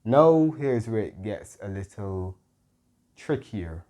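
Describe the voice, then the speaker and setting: A man teaching a Spanish grammar lesson, patient and careful, often pausing with "mm-hmm" and correcting himself. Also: lowish voice, animated, warm tone. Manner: patient, stops to self-correct, frequent "mm-hmm" fillers. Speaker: Spanish tutor.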